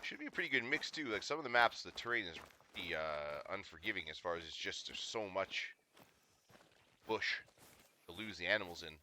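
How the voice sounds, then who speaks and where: Lively, bright-voiced Canadian streamer guy. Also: low voice, brisk, a little hiss or hum. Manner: chatty, swears, laughs often. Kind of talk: casual gaming stream chat.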